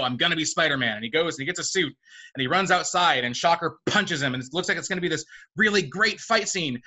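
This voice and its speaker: A man's voice: fairly high pitch, sharp tone. A man in a casual debate, sarcastic and swearing, mocking lines he dislikes. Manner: sarcastic, swears, mimics characters. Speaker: debater defending a film.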